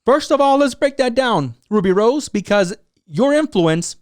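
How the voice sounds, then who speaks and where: A man hosting his own commentary show, talking excitedly and sarcastically, often acting out other people's words in mocking voices. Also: very high voice, unhurried, dry recording, clean studio sound. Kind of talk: animated solo commentary.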